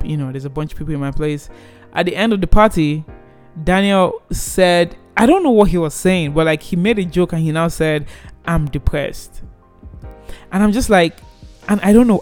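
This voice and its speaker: A man in his twenties tells a personal story casually, animated and rambling, restarting often. His voice sits on the high side, with a clear, resonant tone.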